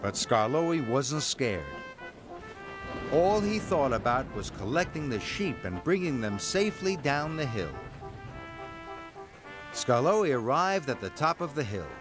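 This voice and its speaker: Male storybook narrator: slow, animated delivery, with music underneath. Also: mid-range voice.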